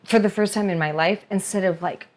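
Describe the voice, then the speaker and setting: A young woman chatting as a podcast guest, expressive and rambling, with a lot of "like" in her talk. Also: mid-range voice, brisk. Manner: expressive, rambling, heavy use of "like". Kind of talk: casual confessional chat.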